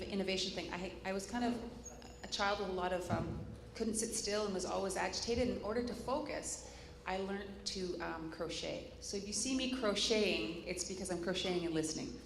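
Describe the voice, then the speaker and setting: A woman's voice: mid-range voice, fairly quick, vocal fry. A woman moderating a live conference panel, introducing the speakers in a chatty way with joking asides and stumbles over names. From Canada. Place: conference hall. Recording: echoey hall, faint room noise.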